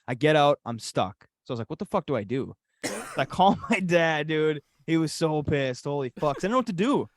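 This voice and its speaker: Animated swearing man from Michigan's U.P. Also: a little high, brisk. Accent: Upper Peninsula Michigan. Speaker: podcast co-host. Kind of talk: casual storytelling.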